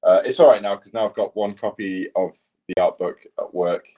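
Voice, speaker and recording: A man's voice: lowish voice, brisk, highs cut off. A man co-hosting a podcast, rambling through sweary stories in casual chat. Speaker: podcast co-host.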